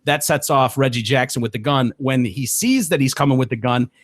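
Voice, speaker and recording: Lively storytelling man, dry close sound. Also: mid-range voice, a little fast, dry recording. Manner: animated storyteller, jumps into loud voices for quoted people; swears freely, laughs often. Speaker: podcast host. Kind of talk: casual podcast chat.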